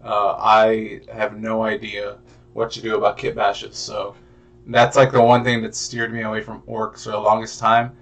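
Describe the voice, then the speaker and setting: Young male podcast co-host, gravelly tone, loose rambling delivery with swearing and fillers. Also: on the low side, completely flat delivery, normal speed, a bit bright. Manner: rambling, profane, lots of fillers. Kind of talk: casual chat.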